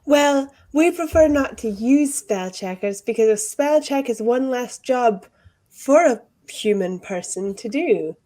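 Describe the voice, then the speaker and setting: A woman's voice: on the high side, lively intonation, unhurried, warm tone. A woman as an improv panelist, speaking in a matter-of-fact mock-corporate way. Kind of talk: improvised comedy.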